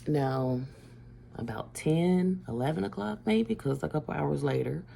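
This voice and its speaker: Very gravelly low-voiced middle-aged woman. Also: a little slow, slight background noise. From Ohio, USA. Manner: animated, profane, laughing through the story. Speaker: mother telling a family story. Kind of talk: casual storytelling to camera.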